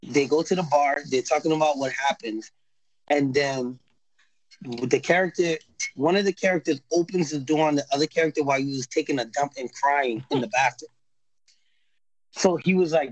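A man's voice: fairly high pitch, normal speed, no echo, rough recording. A man in a casual podcast chat, rambling and laid-back as he recaps a TV show, full of slang and restarts.

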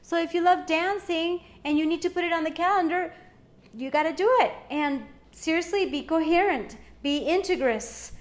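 Casting: chatty woman podcast host, high voice, drowsy, rambling self-corrections. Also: moderate pace. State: sleepy. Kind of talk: casual solo podcast talk.

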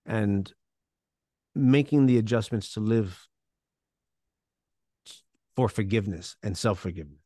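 A man speaking as a guest in an interview, talking in an earnest, halting way. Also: lowish voice, warm tone, no room sound, studio quality. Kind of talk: casual interview.

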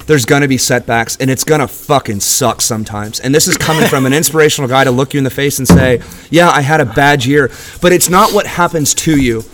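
A man's voice: medium pitch, a little fast, few pauses, heavy background noise. A young man co-hosting a casual motivational podcast from a gym, earnest and encouraging, swearing casually as he talks. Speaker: podcast co-host.

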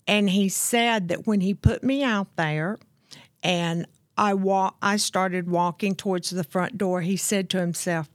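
A woman guest telling her own story of addiction and recovery in an earnest, candid way, slowing down to stress key points. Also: medium pitch, fairly even intonation, dry recording, clean studio sound. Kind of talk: personal testimony in conversation.

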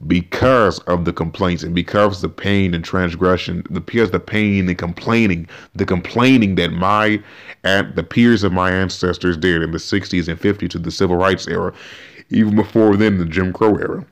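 A man hosting a podcast, giving animated, emphatic opinion commentary and often restarting his sentences. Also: deep voice, moderate pace. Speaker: podcast host.

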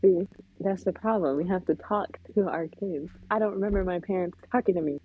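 A woman's voice: on the low side, fairly quick, breathy edge. A woman in her thirties, a podcast guest, talking bluntly and jokingly about raising her kids and acting out their voices. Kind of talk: casual chat. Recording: tinny phone-like line, dry.

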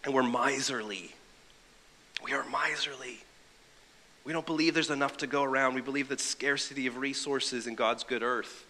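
Bright-voiced preacher in a reverberant hall. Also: male voice, medium pitch, steady tone, normal speed, a little hiss or hum. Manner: conversational, wry asides. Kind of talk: sermon. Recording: long reverb of a large hall.

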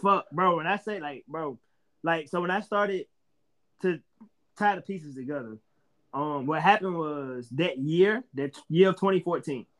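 A man, a stand-up comedian telling stories as a podcast guest in an animated, profane way. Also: on the high side, a little slow. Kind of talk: casual storytelling chat.

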